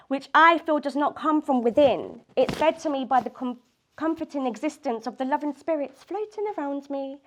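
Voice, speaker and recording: Woman poet, fairly high voice, laughs easily, chatty between poems, reads aloud at a live event. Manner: laughs often, loose chat with fillers before reading. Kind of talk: poetry reading and casual chat. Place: community space at a live reading event.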